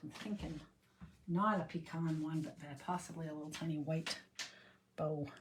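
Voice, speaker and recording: A woman's voice: low-pitched, fairly even intonation, normal speed, a little hiss or hum. A woman hosting a card-making livestream, chatting casually and humming to herself as she stamps and colours. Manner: chatty, rambling, hums and sings to herself while working. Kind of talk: casual crafting livestream chat.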